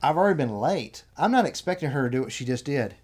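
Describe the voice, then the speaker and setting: A man telling an anecdote in casual chat, annoyed, animated, acting out what people said. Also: mid-range voice, fast talker. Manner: animated retelling, acts out quotes.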